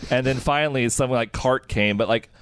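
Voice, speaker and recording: A man's voice: medium pitch, moderate pace, clear, resonant tone. A man in his twenties, a podcast guest telling a long story in a casual, rambling way with plenty of "like" and laughs. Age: 20s. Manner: rambling, laughs through his stories, lots of "like".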